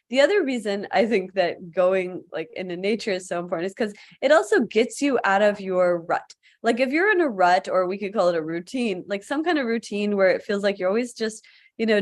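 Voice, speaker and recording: Woman yoga teacher rambling on a livestream, mid voice, says like a lot, video call mic. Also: mid-range voice. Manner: chatty, with frequent filler "like". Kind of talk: casual live-stream chat.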